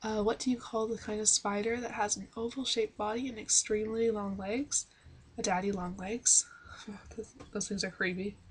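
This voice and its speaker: A woman's voice: mid-range voice, fairly even intonation, a little fast, a little hiss or hum. A woman from Manitoba with a Canadian accent, reading questions aloud and answering them plainly in a casual accent-challenge vlog, recorded on a webcam microphone. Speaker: vlogger.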